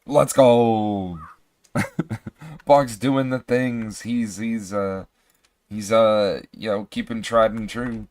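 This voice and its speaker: A man with a hoarse voice, chatting casually while he streams a game, rambling and often clearing his throat. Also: lowish voice, steady tone, extremely slow, a little mellow, no echo. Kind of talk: casual livestream chat.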